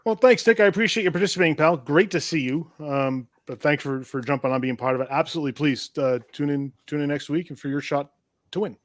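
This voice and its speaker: A man co-hosting a casual live stream, giving friendly shout-outs and thanks to viewers. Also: fairly high pitch, quick pace, no room sound.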